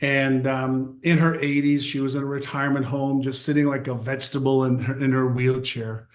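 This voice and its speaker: A man in his sixties, a guest on an interview show, telling a story in a lively conversational way and acting out the quotes. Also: medium pitch, moderate pace. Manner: animated, acts out quotes. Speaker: guest, mindset author.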